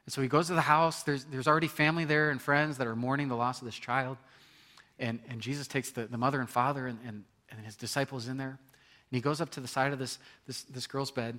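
A man's voice: mid-range voice, bright, forceful tone. A man preaching a sermon, earnest and building to emphatic points, with frequent restarts. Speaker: pastor.

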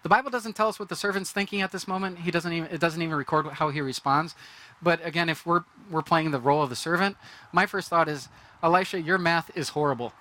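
Bright, lively-talking male preacher. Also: on the high side, quick pace. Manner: conversational, acts out quoted reactions. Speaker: pastor. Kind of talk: sermon.

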